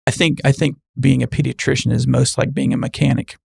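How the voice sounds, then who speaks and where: Guy with a really gravelly husky voice, earnest, chatting on a podcast, dry sound. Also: medium pitch, flat delivery, fairly quick, darkish tone, no room sound. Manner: earnest, explains plainly with many restarts. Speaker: medical provider, guest. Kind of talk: casual podcast conversation.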